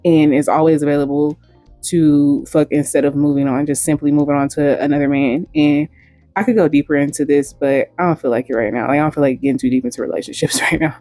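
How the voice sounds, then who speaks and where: Blunt, mellow-voiced woman vlogger. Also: sits low, dry recording. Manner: blunt, frank and profane. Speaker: host. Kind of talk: casual commentary vlog.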